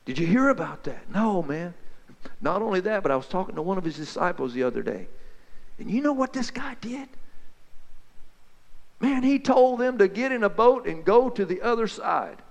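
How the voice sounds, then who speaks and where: A man telling Bible stories as a folksy, excited back-and-forth chat between two friends. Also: high voice, moderate pace, gravelly, big-room sound. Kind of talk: two-voice dramatized Bible storytelling.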